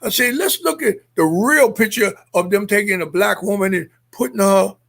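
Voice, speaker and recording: An older man speaks in a high, gravelly voice as he works through a story. He presses his points hard and keeps asking his listeners whether they follow. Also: normal speed, fairly bright tone. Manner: emphatic, checks in with 'Okay?' and 'Understand?'. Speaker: guest, activist and former Olympian. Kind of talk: impassioned storytelling.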